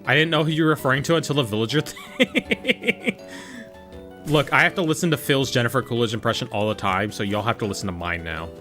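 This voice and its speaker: A man streaming a game, chatting casually and joking in quick, rambling asides to his viewers. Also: medium pitch, lively intonation, bright, forceful tone, soft background music. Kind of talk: casual livestream chat while gaming.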